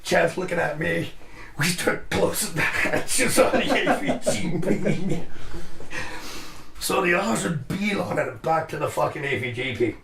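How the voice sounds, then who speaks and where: A man with a raised, gravelly voice tells a profane war story in casual chat. He swears freely and acts out the people he quotes. He sounds like he's in a roomy, echoing space. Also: on the high side, lively intonation, a little slow, a bit bright. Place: live show room.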